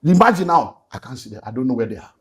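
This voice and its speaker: Earnest Nigerian man, mid-pitched. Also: lively intonation, rapid-fire, fairly bright tone. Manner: earnest, slips into Nigerian Pidgin. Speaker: pastor and guest. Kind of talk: emotional personal testimony.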